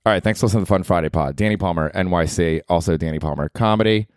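Deep-voiced man hosting a rambling comedy podcast. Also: racing, clear, resonant tone, dry recording, studio quality. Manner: rambling, joking, slangy. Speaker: podcast host. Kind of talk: solo comedy podcast monologue.

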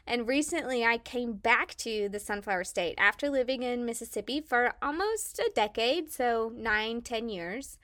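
A woman's voice: a little high, animated, normal speed, hardly any pauses, fairly bright tone, no echo, studio quality. A woman from Kansas with a faint Southern twang, co-hosting a podcast in an enthusiastic, chatty way with frequent "um"s. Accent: Kansas with a slight Southern twang. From Kansas, USA. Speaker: podcast co-host, childcare specialist. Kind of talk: casual podcast monologue. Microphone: podcast microphone.

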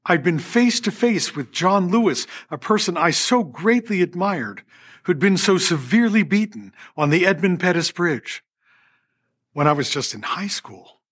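A man's voice: sits high, animated, unhurried, a bit bright, husky. An older man hosting a podcast, narrating a personal story from a script and acting out quoted dialogue with little laughs. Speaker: podcast host and orchestra conductor.

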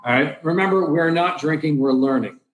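A man's voice: fairly high pitch, a little fast, echoey room, low-quality recording. A man hosting a casual chat with friends, running a game in a playful, joking emcee manner. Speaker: podcast host.

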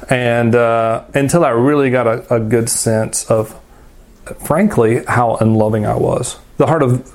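A man leading a church class and taking audience questions. He talks at a middle pitch in a loose, conversational flow, often doubling back and trailing into asides with a candid, self-deprecating tone. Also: darkish tone. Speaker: pastor teaching a Bible class.

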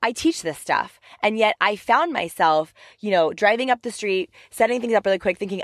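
A woman hosting her own podcast, talking in an upbeat, chatty, motivational way. Her voice is raspy from the tail end of a cough, and she is recording in her parked car on a headset mic. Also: mid-range voice, lively intonation, normal speed, few pauses, dry recording, studio quality. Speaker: podcast host and life coach. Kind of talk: energetic motivational podcast talk. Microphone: headphones with mic.

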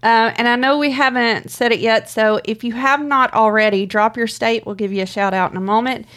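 A chatty middle-aged woman, co-hosting a casual live stream. She laughs easily and tells stories with lively energy, and her voice sits a little higher than most. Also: a little fast. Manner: chatty, laughs often, animated storytelling. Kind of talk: casual chat with viewers.

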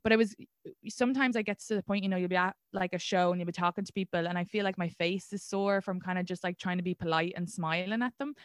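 A young adult woman with an Irish accent, a guest and comedian, talking candidly in a casual conversation with animated storytelling. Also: lowish voice, quick pace, dry recording, studio quality. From Ireland.

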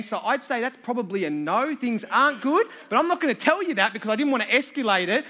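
An Australian man with a high, bright voice preaches to a live crowd. He tells his story with a self-mocking, joking touch. His sound is sharp and forward. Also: lively intonation, quick pace, hardly any pauses. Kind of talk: storytelling sermon to a live audience.

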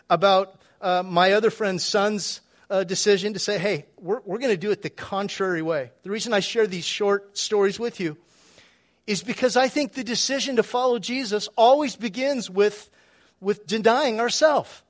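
A middle-aged man preaching a sermon in a church, in a conversational way with chuckling asides and frequent restarts. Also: high-pitched. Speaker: pastor.

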